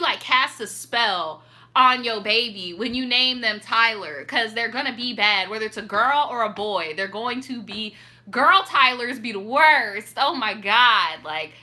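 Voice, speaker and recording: Bright, animated young woman host. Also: a little high. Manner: animated, petty and profane, laughing asides. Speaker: storytime show host. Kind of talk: casual chat reading viewer stories.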